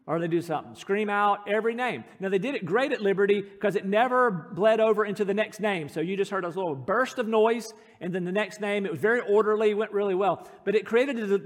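A middle-aged male pastor with a fairly high voice, preaching in an earnest, storytelling manner with touches of self-deprecating humor. His voice carries a long reverb through a church sanctuary. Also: a bit bright. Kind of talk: sermon.

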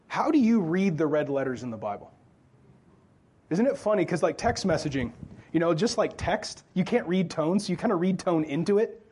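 A man's voice: a little high, big pitch swings, normal speed, a little mellow, slightly rough. A male pastor preaching a sermon in church in a loose, joking, conversational way, often asking the crowd questions.

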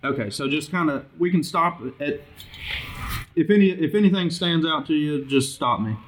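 A man leading a small group Bible study, reading scripture aloud and commenting in a conversational, halting way with frequent restarts. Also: a little high. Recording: noisy amateur recording with clicks.

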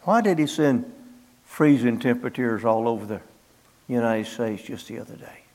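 A man's voice: medium pitch, normal speed, darkish tone. A middle-aged man preaching a sermon in a folksy storytelling way, acting out biblical dialogue in plain country speech.

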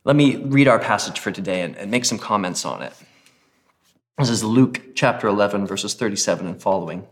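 A man's voice: lowish voice, animated, brisk. A man who is a pastor, preaching a sermon in a casual, conversational way and reading scripture with emphasis.

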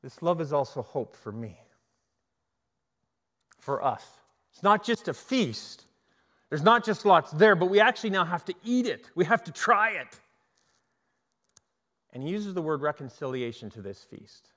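A middle-aged man preaching a sermon, telling stories in an animated way and often restarting his sentences. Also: a little high, moderate pace, pauses often. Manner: animated storytelling with repeated restarts. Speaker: pastor. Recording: long hall reverb.

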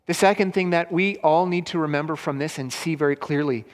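A man's voice: a little high, a little fast. A man preaching a sermon, retelling a story simply for children, with his voice rising for the quoted lines. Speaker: pastor. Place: church hall. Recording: long hall reverb.

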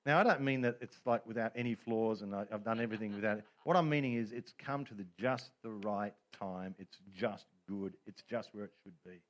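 A man's voice: fairly low pitch, brisk, few pauses, highs cut off. A middle-aged man preaching a sermon as pastor, telling stories with humor and quoted voices.

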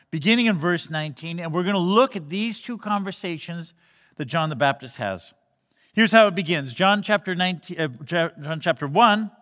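A man's voice: high voice, pushed and bright, big-room sound. A man preaching a sermon in a conversational way, often restarting phrases and briefly acting out the people he quotes. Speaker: pastor.

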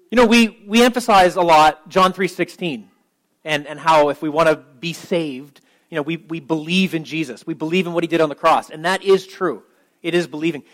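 Man, pastor, conversational sermon, higher-pitched voice, animated, casual asides. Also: rough recording. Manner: casual and animated, with frequent asides and check-ins.

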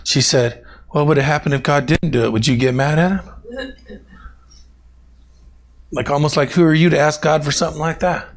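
A man's voice: fairly high pitch, moderate pace, vocal fry, pauses often. A man preaching a conversational sermon to his congregation, telling personal stories and calling on members by name. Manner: animated, talks directly to congregation members by name. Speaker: pastor.

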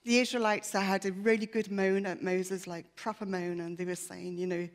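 A woman's voice: lowish voice, fairly even intonation, moderate pace, hardly any pauses. A woman giving an earnest, emotional personal testimony in church, her voice shaky at times. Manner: earnest, emotional, with many fillers.

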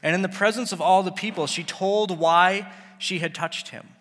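A man's voice: high voice, steady tone, normal speed, a bit bright. A man preaching a sermon, who talks casually and acts out the people he quotes. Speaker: pastor. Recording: long hall reverb.

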